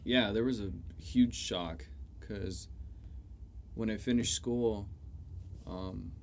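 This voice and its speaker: A man's voice: lowish voice, takes it slowly, creaky, a little hiss or hum. A young man, a chef, talking casually on a podcast, swearing freely and leaning on "you know". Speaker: chef guest.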